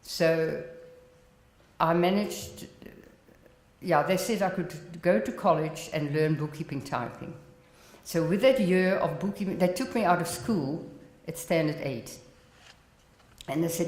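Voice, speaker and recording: An older woman from the Netherlands with a South African accent, Dutch as her first language, telling her life story in plain, unhurried talk. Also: lowish voice. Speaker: Holocaust survivor speaker. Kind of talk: personal testimony talk. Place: college exhibit hall. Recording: roomy hall with long reverb.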